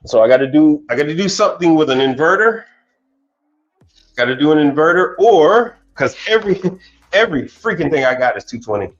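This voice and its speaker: With faint music in the background and a dull sound overall, an appliance technician chats on a livestream in a fairly high, expressive voice, speaking fairly quickly. His talk is casual and repetitive, with lots of sentence restarts.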